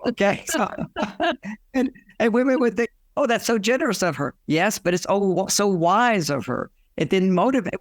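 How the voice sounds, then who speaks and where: An older man who writes about relationships tells animated anecdotes in a casual interview, acting out the dialogue he quotes. His voice is high, and the studio-quality recording is dry.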